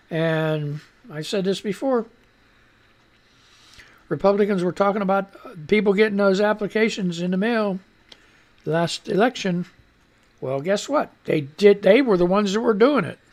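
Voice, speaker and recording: A man's voice: sits high, unhurried, pauses often. A man hosting a live radio stream, rambling through casual news commentary with frequent swearing, restarts and stumbles over his words. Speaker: radio show host.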